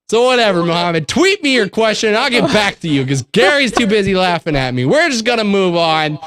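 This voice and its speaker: A man's voice: high voice, sing-song, brisk, hardly any pauses, a bit bright. A man co-hosting a late-night call-in show, talking casually and rambling, often repeating words as he hunts for his point. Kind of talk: casual chat.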